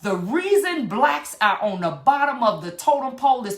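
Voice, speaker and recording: A woman's voice: a little high, big pitch swings, moderate pace. A middle-aged woman, giving an impassioned motivational talk straight to her viewers. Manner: fired-up preachy, talks straight to viewers. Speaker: vlogger.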